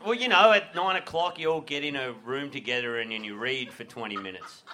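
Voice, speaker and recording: A man's voice: mid-range voice, a little fast, heavy background noise. An Australian man telling a rambling, sweary story at a live comedy podcast show, laughing through it. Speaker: guest comedian. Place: live venue before an audience.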